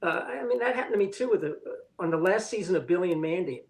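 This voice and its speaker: A man's voice: high-pitched, animated, fast, rough recording. An older man, an animation director, telling candid stories in an interview with a blunt, profane manner, acting out what others said. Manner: blunt, profane, acts out quoted dialogue.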